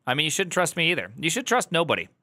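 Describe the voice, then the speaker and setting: Male streamer, casual reaction chat, bright tone, rambling delivery. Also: a little high, big pitch swings, rapid-fire, no echo. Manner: rambling, restarts, loud joking asides.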